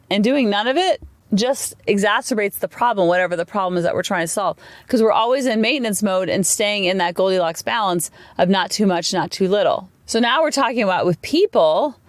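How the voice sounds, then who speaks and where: A woman's voice: medium pitch, dry recording. A woman in her forties hosting a solo podcast, telling candid stories about her family life in a chatty, open way. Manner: chatty, candid, animated storytelling. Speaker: podcast host. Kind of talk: casual solo podcast monologue.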